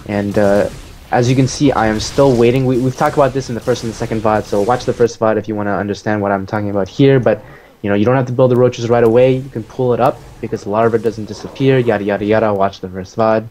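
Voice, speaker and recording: A man casually explaining his own strategy game match as he plays it, relaxed, with many fillers. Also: on the low side, fast, faint music behind.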